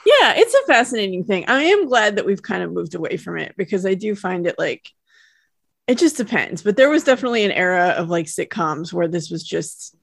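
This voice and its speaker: A woman's voice: mid-range voice, very animated, brisk, creaky, no room sound, studio quality. A woman co-hosting a podcast, chatting casually about a cartoon episode and laughing often. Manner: chatty and giggly. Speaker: podcast co-host. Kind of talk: casual chat.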